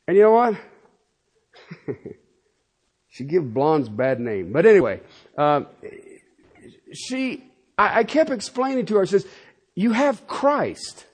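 A husky-voiced middle-aged man preaching to his congregation, his pitch riding high and swinging widely. He presses his points hard, then drops into low, muttered asides. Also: big pitch swings, measured pace, long pauses. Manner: emphatic, swings between loud and quiet asides. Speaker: pastor. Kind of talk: sermon.

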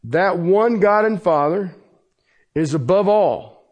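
A man's voice: high voice, lively intonation, slow. A man preaching a sermon as pastor, emphatic and repetitive, often checking in with his listeners. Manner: emphatic preaching with sudden pace shifts and repeated "Okay?". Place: church.

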